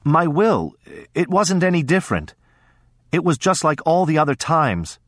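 Guy doing a high pleading little boy, anxious, teary, storybook read, super dry sound. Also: big pitch swings, dry recording. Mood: earnest, troubled. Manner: pleading, halting. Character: anxious, tearful young boy.

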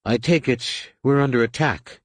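A man's voice: mid-range voice, normal speed, dry recording, voice pushed up, lightly acted. A man voicing a wounded, furious young woman pilot in an audiobook, speaking bitter and defiant.

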